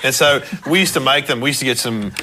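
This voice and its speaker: A man's voice: medium pitch, fast talker, bright, forceful tone, a little hiss or hum. A man, a comedian on a panel show, telling comic anecdotes and laughing through them. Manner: laughs through his own stories. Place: TV studio with live audience.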